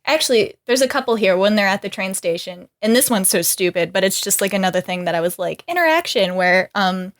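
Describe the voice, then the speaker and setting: A woman's voice: medium pitch, expressive, fairly quick, hardly any pauses. A woman co-hosting a casual podcast chat, laughing often and filling with "like". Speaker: podcast co-host.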